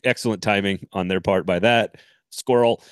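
Podcast co-host, male, lower register, dry close mic, chatty and animated. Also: moderate pace, clear, resonant tone, dry recording. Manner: animated, laughs often, rambling restarts. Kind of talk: casual sports podcast chat with ad read.

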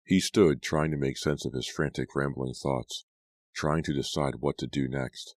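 A man reading an audiobook aloud, with measured, dramatic narration. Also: a bass voice, steady tone, no echo.

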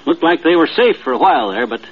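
Brief: homespun yarn-spinner, husky and sing-song, dull old broadcast sound. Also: male voice, a little high, fast talker. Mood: folksy. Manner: folksy, drawling, lively storyteller. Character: folksy middle-aged man spinning a bedtime tale. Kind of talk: storytelling in a radio comedy. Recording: dull 1950s radio transcription.

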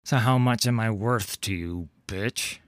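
Brief: bitter, snarling pirate cutthroat, as a man plays him, low and gruff. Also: measured pace, dry recording, studio quality, lightly acted. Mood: scornful. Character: tattooed, menacing male corsair, cornered and bitter.

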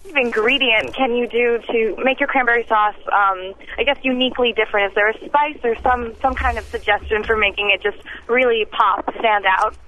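A young woman calls a radio show from her car while stuck in traffic. Her voice is bright and sharp, and her tone is upbeat. The sound comes over a phone line. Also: fairly high pitch, fairly even intonation, normal speed, hardly any pauses. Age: young adult. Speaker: college student caller. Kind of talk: phone-in question.

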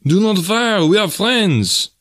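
A man voicing an excitable French naval officer who speaks in raised, emphatic exclamations. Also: medium pitch, moderate pace, dry recording, close to an everyday voice. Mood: alarmed.

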